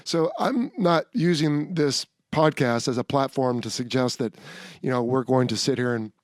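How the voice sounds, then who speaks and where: A man's voice: mid-range voice, moderate pace, no room sound, studio quality. A middle-aged American man hosting a podcast interview, thoughtful and hedging, often correcting himself mid-thought. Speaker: podcast host. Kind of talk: conversational interview.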